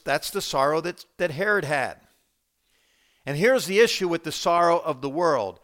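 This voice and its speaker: A pastor preaching a sermon, dropping to quiet low asides and then rising to loud emphatic lines. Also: male voice, clear, resonant tone.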